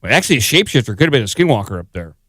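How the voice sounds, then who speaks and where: A man's voice: medium pitch, big pitch swings, racing, bright, forceful tone, breathy edge. A man co-hosting a casual podcast, reading articles aloud and mimicking quotes with a playful accent. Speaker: podcast co-host.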